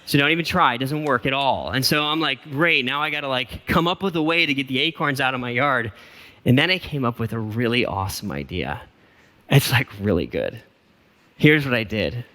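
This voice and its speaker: A middle-aged man, a pastor, telling a story in a casual, self-deprecating, animated sermon in a church. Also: mid-range voice, fairly quick, big-room sound. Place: church auditorium.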